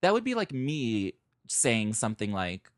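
A man co-hosting a podcast in casual chat, talking in an animated, indignant way and laughing often. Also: mid-range voice, measured pace, no room sound, studio quality. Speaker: podcast co-host.

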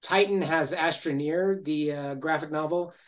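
A man chatting casually as a podcast guest, animated and full of stammered restarts. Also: fairly high pitch, normal speed. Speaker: guest comic writer.

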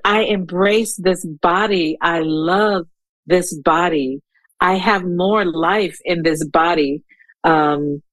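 A woman in her fifties, a guest poet talking in an interview, who speaks haltingly and searches for her words, then reads her poem aloud. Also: medium pitch, no echo, low-quality recording. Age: 50s. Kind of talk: interview conversation with poetry reading.

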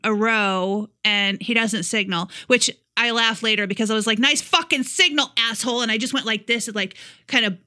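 A woman's voice: medium pitch, steady tone, moderate pace, few pauses, bright, forceful tone, no echo, clean studio sound. A woman co-hosting a podcast, telling a story bluntly in casual chat with plenty of swearing. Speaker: podcast co-host.

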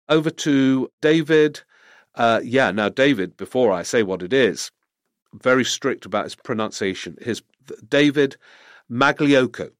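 A man's voice: medium pitch, moderate pace, no room sound, studio quality. A middle-aged man giving rambling political commentary, answering viewer questions with many restarts. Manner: rambling, restarts mid-sentence, animated when reading questions. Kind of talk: casual spoken commentary.

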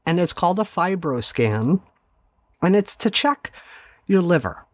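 A woman's voice: lowish voice, sing-song, a little slow, no room sound. Candid woman telling her story, dry sound. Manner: candid, conversational, wry asides. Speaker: podcast host. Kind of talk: personal storytelling monologue.

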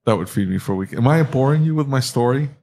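A man's voice: medium pitch, lively intonation, fast talker, mellow. Guy rambling on a podcast, pokes fun at himself, voice goes up and down a lot. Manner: self-mocking, laughs often, rambling stories. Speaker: podcast co-host, auto shop owner. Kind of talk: casual chat.

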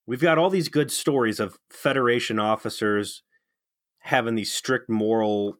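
A man's voice: medium pitch, moderate pace, no room sound, clean studio sound. A man co-hosting a casual podcast, incredulous and profane as he rants. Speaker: podcast co-host. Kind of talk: casual ranting chat.

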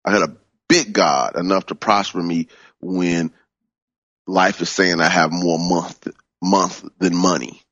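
Deep-voiced man preaching with emphatic swoops. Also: fairly even intonation, unhurried, a bit bright, no room sound, dull audio. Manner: emphatic, swoops up in pitch on key words, repeats phrases. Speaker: minister teaching from a book. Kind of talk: sermon-style teaching.

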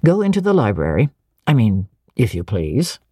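A woman voicing a brusque, commanding middle-aged gentleman who questions curtly and gives orders. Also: very deep voice, sing-song, unhurried, no echo, studio quality, heavily acted. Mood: imperious. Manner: curt, imperious questioning.

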